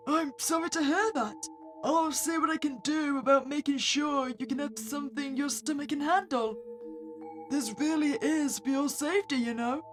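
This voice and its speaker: A woman voicing a calm, quietly controlling male psychiatrist obsessed with his patient, reading a horror visual novel aloud. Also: high voice, moderate pace, soft background music, natural voice. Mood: soothing.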